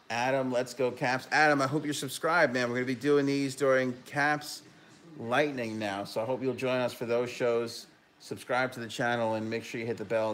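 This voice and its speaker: A young man hosts a live hockey talk stream, reacting to the final goal and reading out viewer messages. His voice sits at an ordinary middle pitch. He breaks into loud, excited bursts.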